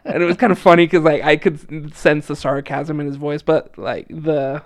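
A man's voice: a little high, fairly even intonation, moderate pace, dry recording, studio quality. A young man casually telling a story as a podcast guest, chatty with lots of fillers and frequent laughs. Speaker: podcast guest, returned missionary.

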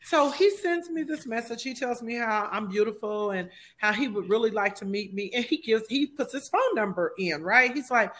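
A woman's voice: a little high, moderate pace, hardly any pauses, a bit bright. A woman co-hosting a podcast, telling dramatic stories in casual chat and acting out what people said. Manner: dramatic storyteller, acts out quotes. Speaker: podcast co-host.

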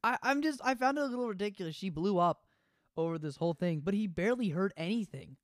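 A man co-hosting a casual chat recap of an anime, blunt and opinionated and quick to swear. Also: high voice, expressive, no echo, studio quality. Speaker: podcast co-host.

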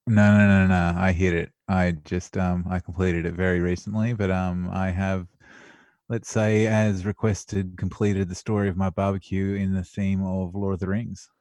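A relaxed man who chats on a video call and swears freely. His voice sits at an ordinary, mid pitch. The sound is dry, close and plain. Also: moderate pace, dry recording. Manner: laid-back, swears a lot. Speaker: podcast co-host. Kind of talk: casual chat.

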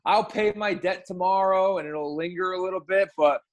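A man with a slightly higher voice than most chats loosely about sports bets. He talks conversationally, tossing in quick asides and wry remarks. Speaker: podcast co-host. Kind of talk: casual sports betting chat.

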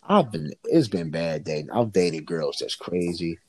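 A man in casual chat, telling profane, animated stories as a co-host. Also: low voice, a little slow, husky. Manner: animated, profane, lively storyteller.

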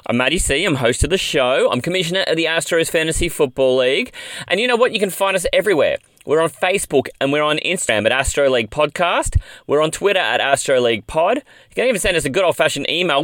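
A man's voice: on the high side, big pitch swings, fast, fairly bright tone, no echo. A man with an Australian accent hosting a podcast, talking in a chatty, upbeat, rambling way. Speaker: podcast host. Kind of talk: casual fantasy football podcast chat.

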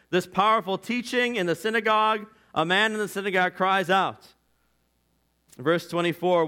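Guy preaching, talks like he's chatting, goes loud then real quiet, bright sharp voice. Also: sits high. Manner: impassioned, swings from loud to hushed; earnest and conversational, with "like" and "you know". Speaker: pastor. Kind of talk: sermon.

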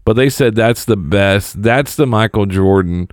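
A man's voice: lowish voice, measured pace, no room sound, studio quality. A man co-hosting a podcast in laid-back, wisecracking casual chat, a little crude. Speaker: podcast co-host.

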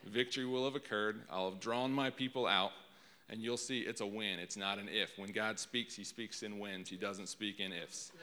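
A man's voice: fairly low pitch, steady tone, normal speed, sharp tone. A man preaching a conversational sermon in a casual way, often repeating words as he restarts. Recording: long hall reverb.

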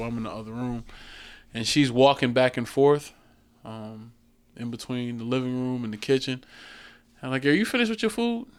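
A man's voice: mid-range voice, clean tone. A man in his thirties telling a story in casual podcast chat, acting out the voices and laughing often. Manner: animated storytelling, acts out voices and laughs a lot. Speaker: podcast co-host.

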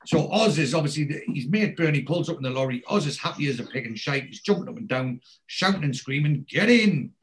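Speaking fast with few pauses, this man hosts a podcast in a fairly high voice. He casually runs through a TV episode, performing the characters' dialogue with lively storytelling flair.

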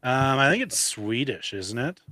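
A man's voice: medium pitch, sing-song, a little slow, bright, forceful tone, no room sound. Dry-sounding man teasing on a podcast. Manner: dry teasing, chuckles often. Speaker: podcast co-host. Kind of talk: casual movie review chat.

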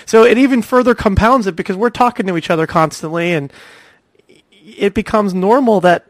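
Higher-voiced man, vet podcast host. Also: a little fast, dry recording. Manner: rambling, many restarts and fillers. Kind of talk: casual podcast chat.

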